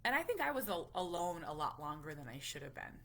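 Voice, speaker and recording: A woman's voice: on the low side, sing-song, fast. A woman in her thirties, a parent chatting candidly and emotionally with viewers on a live stream. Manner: candid, emotional, softly confiding. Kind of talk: casual live-stream chat.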